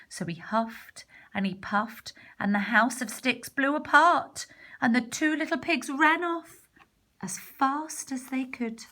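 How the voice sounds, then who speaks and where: A woman narrating a storybook in a soft, partly whispered voice. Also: high-pitched, takes it slowly. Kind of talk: storybook reading.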